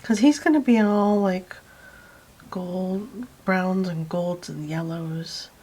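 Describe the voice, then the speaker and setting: A woman hosting a paint-along art video, talking slowly and softly and often dropping into a near whisper while she works. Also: on the low side, slight background noise. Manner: slow, soft-spoken, often drops to a whisper while working; calls her quiet talk her calm thinking voice. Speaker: art channel host.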